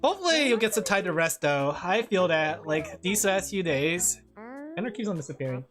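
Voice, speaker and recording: Woman VTuber on a casual drawing stream, lowish voice, very animated intonation, chatty and giggly over background music. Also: fairly quick. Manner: giggly, chatty, talking to chat. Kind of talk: casual livestream chat while drawing.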